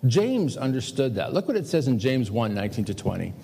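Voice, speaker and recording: A man's voice: medium pitch, big pitch swings, fairly quick, vocal fry, mellow, husky, long reverb tail. A male pastor preaching a practical sermon in a conversational way, asking the congregation rhetorical questions. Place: church sanctuary.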